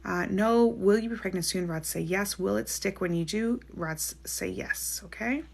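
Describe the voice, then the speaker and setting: On a casual live stream, a female psychic medium works through viewers' questions, reading each one out before answering. She has a gravelly, mid-range voice, laughs readily, chats freely, and leans on "like" a lot.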